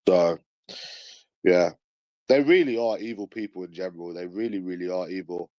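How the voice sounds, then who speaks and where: Brief: London man, late 20s, deep-ish, swaggering rant full of slang and swearing, dry sound. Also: moderate pace, dry recording, muffled recording. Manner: swearing, boastful, aggressive slang. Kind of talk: casual ranting monologue.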